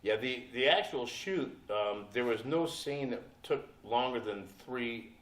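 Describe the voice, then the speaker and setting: An older man telling stories on a convention panel, profane and animated, often laughing as he talks. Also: medium pitch, a little slow. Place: convention hall. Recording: echoey hall, from far off.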